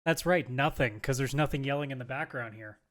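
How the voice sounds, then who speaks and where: A man co-hosts a podcast with a dry, teasing delivery. His voice sits at an ordinary middle pitch. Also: fairly quick, a bit bright. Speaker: podcast co-host. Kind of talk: casual podcast chat.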